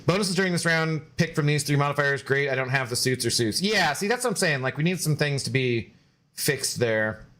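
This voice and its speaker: A man's voice: fairly high pitch, animated, brisk, a bit bright. A man streaming a game and chatting loosely with viewers, laughing often and swearing casually.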